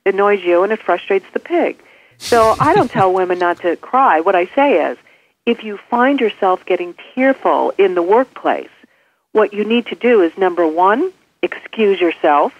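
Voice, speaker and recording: A woman's voice: medium pitch, moderate pace, a little hiss or hum. Woman coach on a tinny phone line. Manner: animated, acts out example phrases. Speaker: executive coach and author, interview guest. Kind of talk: phone interview answers.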